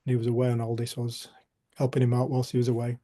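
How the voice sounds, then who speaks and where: Man, middle-aged, mellow tone, heartfelt, soft near-whispers, video call. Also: medium pitch, completely flat delivery, very fast. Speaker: group facilitator. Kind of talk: personal storytelling.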